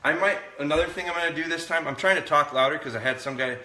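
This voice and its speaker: A man talking viewers through a live dog training session in a relaxed, explaining way, indoors. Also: on the high side, fast, reverberant.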